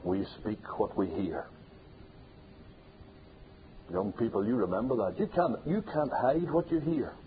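A man preaches with insistent repetition, his voice climbing to forceful loud peaks. The sound is thin and phone-like, with a faint hiss underneath. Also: on the low side, lively intonation, unhurried, long pauses. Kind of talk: sermon.

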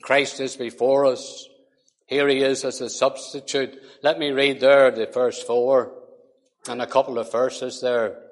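A man preaching a sermon, slow and deliberate, swinging between quiet low passages and loud forceful emphasis. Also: level tone. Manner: emphatic, rising to forceful peaks then dropping low. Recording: long hall reverb.

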